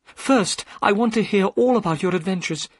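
A man voicing a gentle, caring young woman in a lighter, raised voice in a storybook reading. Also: sits high, moderate pace, breathy edge, no echo, clean studio sound, voice pushed up. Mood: eager.

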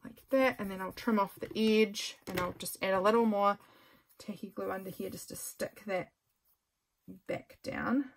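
A woman talks viewers through her journaling at a craft desk, chatty and self-mocking. Her voice sounds a bit sore from long talking, at a middle pitch. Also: steady tone, normal speed, vocal fry. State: voice getting sore. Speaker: craft vlogger. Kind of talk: casual journal-with-me narration.

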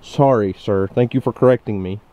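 A man in his thirties with an Oklahoma accent, hosting a casual homestead vlog outdoors in a gentle, coaxing, teasing way. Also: fairly low pitch, normal speed, highs cut off. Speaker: homesteading vlog host and father. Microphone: camera-mounted shotgun mic.

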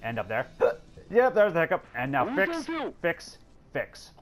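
A man doing casual let's play commentary, excitable, swearing often and talking to the characters on screen. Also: a little high, normal speed. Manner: excitable, swears a lot, talks to game characters. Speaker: gameplay commentator.

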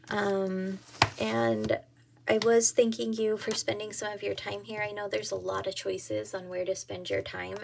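A woman's voice: medium pitch, creaky, slight background noise. A woman chatting casually to camera at home about her planner, giggly and full of ums. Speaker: planner vlogger.

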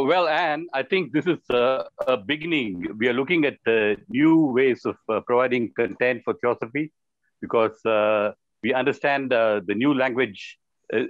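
A man talks on a video call, his voice dry and close with no room around it. He speaks hesitantly, pausing often on filler sounds as he gathers his thoughts. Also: medium pitch, no room sound, lo-fi sound. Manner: hesitant, many uh pauses. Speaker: panel guest. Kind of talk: casual video call chat.

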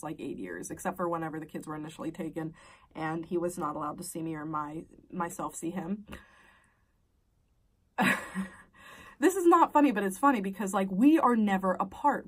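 Animated, foul-mouthed young woman telling a story. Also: recorded from a distance, low-quality recording. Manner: blunt and profane, jumps way up in pitch when worked up. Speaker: YouTuber telling a personal story. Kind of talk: casual storytime while eating.

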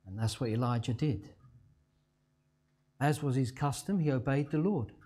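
A male pastor preaching a sermon, telling a story dramatically and slowing to a hush on key words. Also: mid-range voice.

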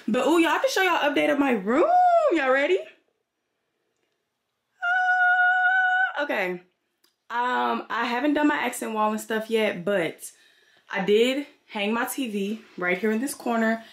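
A woman chats casually into her camera from her bedroom at home. Her voice sits in a middle pitch, and she keeps talking straight to her viewers. She calls them y'all as she goes. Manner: chatty, addresses viewers as y'all. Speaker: vlogger. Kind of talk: casual vlog chat to camera.

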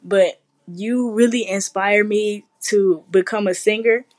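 A woman's voice: medium pitch, fairly even intonation, slow pace, a little mellow. A woman recording an earnest birthday message as a fan, with hesitant fillers.

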